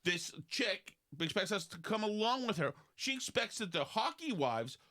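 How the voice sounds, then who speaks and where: A man, hosting a casual podcast and telling rambling stories in which he mimics other people in high voices. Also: big pitch swings, normal speed, bright, forceful tone. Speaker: podcast host. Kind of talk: casual talk show banter.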